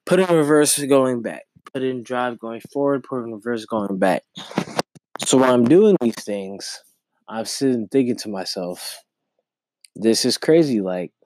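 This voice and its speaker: A man's voice: medium pitch, no echo. A young man hosting a podcast alone, telling a rambling, casual story and often repeating himself. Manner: rambling, repeats words while recounting a story. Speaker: podcast host.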